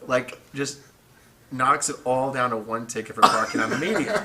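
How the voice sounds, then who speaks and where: Animated man telling a story live. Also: medium pitch, moderate pace, very noisy. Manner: animated, laughing, acts out quotes. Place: stage before a live audience. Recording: loud audience laughter behind.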